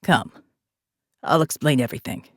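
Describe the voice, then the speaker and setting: A woman narrator voicing a calm male operative leader with a faint South African accent, speaking quietly and with authority. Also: extremely low pitch, normal speed, breathy edge, dry recording, studio quality, pitched below the performer's own voice, full character voice. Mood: calm, persuasive.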